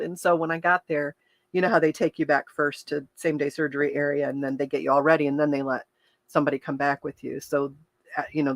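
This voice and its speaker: A woman's voice: low voice, vocal fry, no room sound. A woman hosting a livestream as a health coach, talking candidly and chattily to her viewers, often restarting sentences and openly emotional, laughing through tears. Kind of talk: casual livestream talk to viewers.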